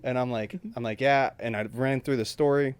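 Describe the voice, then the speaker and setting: A man's voice: medium pitch, quick pace, clean tone, no room sound. Young man telling a story on a podcast. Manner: animated storytelling, acts out quotes, says dude and bro. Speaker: podcast host. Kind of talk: casual podcast chat.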